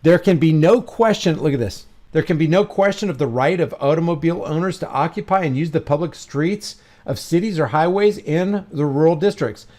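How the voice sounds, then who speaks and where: A man giving reaction commentary on a video, excitable and full of restarts and asides. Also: a little high, brisk, hardly any pauses.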